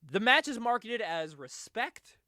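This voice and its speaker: A man's voice: extremely high pitch, sing-song, measured pace, sharp tone, no echo, clean studio sound. A man co-hosting a podcast, casually recapping a wrestling show, laughing often, swearing and acting out quotes. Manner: giggly, swears a lot, acts out quotes. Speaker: podcast co-host.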